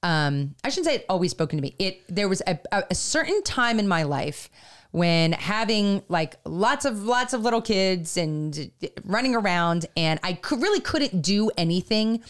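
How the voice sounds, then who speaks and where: A middle-aged woman co-hosting a faith podcast, talking in a halting, earnest way with many fillers, at times near tears. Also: medium pitch, very animated. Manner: halting, filler-heavy, growing emotional and earnest. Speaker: podcast co-host. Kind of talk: faith-based casual podcast talk.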